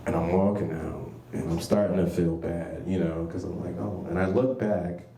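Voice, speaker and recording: A male stand-up comedian telling stories about his kids in an animated way, often saying "you know what I'm saying.". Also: low-pitched, normal speed, a little hiss or hum. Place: small comedy club. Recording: echoey room, distant mic.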